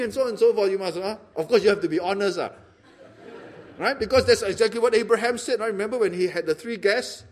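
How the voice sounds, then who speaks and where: Animated high-voiced preacher. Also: male voice, fast. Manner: animated, acts out little dialogues, laughs often. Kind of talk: sermon.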